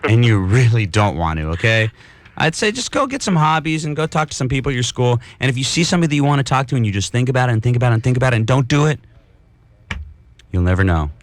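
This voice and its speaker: A man hosting a late-night radio call-in show, joking and teasing callers in a rapid-fire manner. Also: medium pitch, sing-song, no room sound. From New York. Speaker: radio host.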